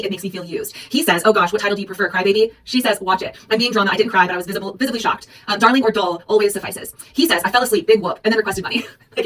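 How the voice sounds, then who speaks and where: Fast-talking woman podcaster, set back from the mic. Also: mid-range voice, fairly bright tone, recorded from a distance, poor audio. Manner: rapid, run-on reading with frequent "like" and "says". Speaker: podcast co-host reading case texts. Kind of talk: casual podcast chat, reading messages aloud.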